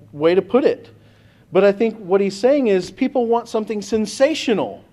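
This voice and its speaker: Man preaching, high voice, pastor, conversational sermon, talks straight to the congregation. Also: a little mellow.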